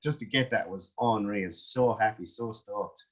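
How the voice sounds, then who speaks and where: A man being interviewed, answering in short, relaxed bits and laughing easily. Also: on the low side, unhurried, highs cut off. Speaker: interview guest.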